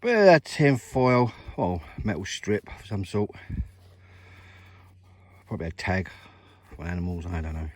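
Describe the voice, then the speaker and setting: A man's voice: low voice, big pitch swings, a little slow, a little mellow, dry recording. A middle-aged man with a West Country accent, chatting to viewers while metal detecting in an open field. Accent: English West Country. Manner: chatty, addresses viewers as mate and guys. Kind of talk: casual outdoor commentary. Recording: noisy outdoor field recording.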